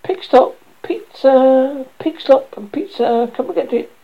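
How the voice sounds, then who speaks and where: A woman's voice: fairly low pitch, wildly swooping pitch, moderate pace, gravelly, exaggerated voice. A woman voicing a prankster little boy who teases and hawks pizza in a sing-song way. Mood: hawking. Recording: dull lo-fi recording.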